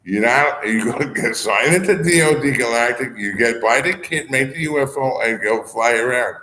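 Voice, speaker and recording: A man's voice: mid-range voice, moderate pace, bright, forceful tone. A man talking in a rambling monologue, drifting between topics, filling his speech with "you know" and "I mean" and chuckling often. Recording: echoey room with faint ambient noise.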